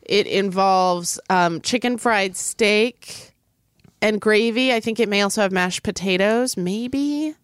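A woman's voice: medium pitch, slow, clear, resonant tone, dry recording, clean studio sound. A woman in her forties from Oklahoma, co-hosting a podcast in casual, playful chat and laughing often. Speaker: podcast co-host.

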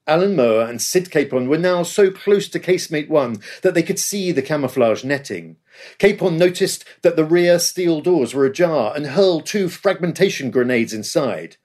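A man's voice: on the high side, animated, moderate pace, darkish tone. A man reading scripted history narration with a dramatic storytelling delivery. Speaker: podcast host.

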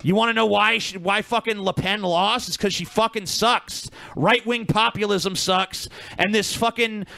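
A man's voice: high-pitched, fairly even intonation, normal speed, creaky, bright, forceful tone, no room sound. Profane, combative man ranting on a podcast. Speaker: podcast co-host. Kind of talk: profane casual chat.

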